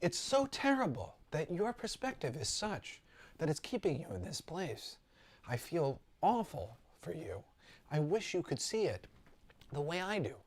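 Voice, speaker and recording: A man lightly voicing Mrs. Claus, a gentle older woman, speaking softly and slowly with pity. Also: fairly high pitch, big pitch swings, pitched above the performer's own voice. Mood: consoling.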